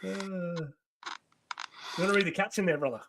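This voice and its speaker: A man's voice: sits high, brisk, noisy background. A man hosting a casual live comic read-along, chatty and full of fillers. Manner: chatty, hesitant with many fillers. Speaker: host.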